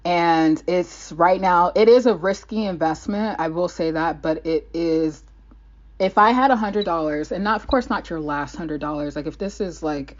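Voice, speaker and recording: A woman's voice: lowish voice, normal speed, highs cut off. A young woman from the United States, a vlogger rambling in casual talk to the camera, restarting her sentences often.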